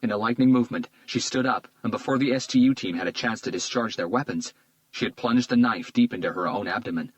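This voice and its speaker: A man narrating a crime thriller audiobook in a steady, measured read. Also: mid-range voice, no echo, dull audio. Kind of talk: scripted narration.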